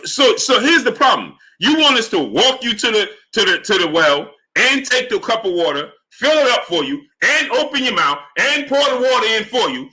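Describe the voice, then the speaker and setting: Bright-voiced exasperated male stream host. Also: very animated, normal speed, few pauses. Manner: exasperated, rhetorical, repeats himself; drops to low mutter greeting chatters. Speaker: sports livestream host. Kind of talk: live stream commentary, reading chat.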